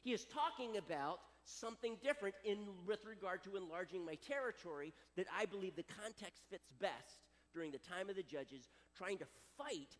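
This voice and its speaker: A man preaching a sermon as a pastor, dramatic and animated. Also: high-pitched, normal speed, few pauses, in a large hall.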